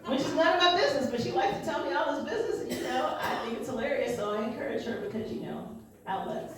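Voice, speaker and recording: A woman in her forties doing a stand-up comedy set in a theatre, brash and lively, laughing at her own jokes. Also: sits high, fast talker, recorded from a distance, over a noisy crowd. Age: 40s. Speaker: stand-up comic. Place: theatre stage. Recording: echoey hall recorded from afar, audience sounds.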